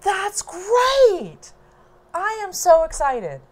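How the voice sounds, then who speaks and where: A woman voicing her excited, loving brother in a story, eager and reassuring, pitched well above her usual voice. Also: normal speed, lightly acted.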